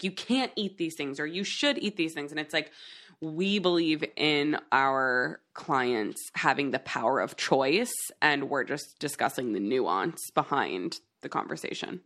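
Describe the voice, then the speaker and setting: Low-voiced woman co-host, agreeable. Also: expressive, unhurried, fairly bright tone. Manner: agreeable, affirming, many "like" fillers. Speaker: podcast co-host. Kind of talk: casual chat.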